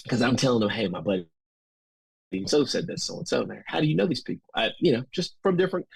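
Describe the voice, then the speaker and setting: A man in his thirties with a Southern US accent, a podcast guest telling folksy, animated stories in casual interview talk. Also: mid-range voice, fast, vocal fry, slightly rough, no room sound, rough recording. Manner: folksy, animated, quotes others in lively voices. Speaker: podcast guest, school administrator.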